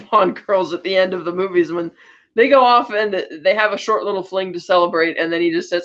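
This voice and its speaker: A woman's voice: on the low side, fairly even intonation, a little fast, highs cut off. A woman co-hosting a podcast, casually retelling a film's plot and acting out characters' lines as she goes. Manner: chatty retelling with quoted lines and laughs. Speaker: podcast co-host. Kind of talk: casual podcast movie recap.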